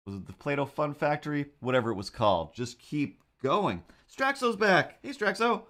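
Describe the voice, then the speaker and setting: A man hosting a casual livestream as a cartoonist, talking in a rambling, excitable way with lots of fillers. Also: fairly high pitch, brisk.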